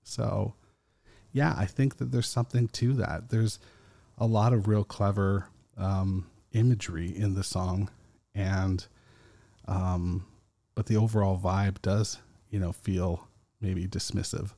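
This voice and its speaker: A man hosting a casual solo podcast, talking slowly and rambling with fillers and chuckles. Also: low voice, fairly even intonation, creaky, warm tone, dry recording. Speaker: podcast host.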